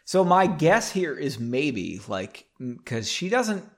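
Sarcastic guy rambling about a book he's reading, slow talker, voice swoops way up and down. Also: on the high side, very animated. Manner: rambling, sarcastic, self-interrupting. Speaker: host reading a book aloud. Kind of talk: comic book read-along with commentary.

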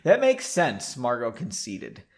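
A man's voice: medium pitch, huge pitch swings, unhurried. A man hosting a podcast, reading a story aloud and breaking in with sarcastic, mocking asides. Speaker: podcast host.

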